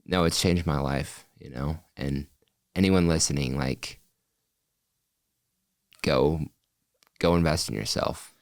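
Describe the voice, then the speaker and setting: A young man hosts a casual podcast interview in a low voice, recorded dry and close. He keeps the conversation going with short encouraging replies and follow-up questions. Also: slow pace, long pauses, no echo. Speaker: podcast host.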